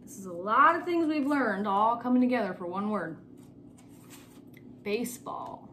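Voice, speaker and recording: A young woman teaching a remote spelling lesson to young children, slowly repeating each word and spelling it out letter by letter. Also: on the high side, lively intonation, fairly bright tone, slight background noise. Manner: slow, patient, repeats words and spells them letter by letter.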